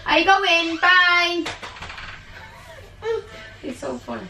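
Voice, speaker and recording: A woman's voice: high voice, sing-song, a little slow, gravelly, long pauses, sharp tone, faint music behind. A woman, a mother, talking in coaxing, giggly baby talk to her toddler in a small playroom crowded with toys. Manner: sing-song, coaxing, giggly.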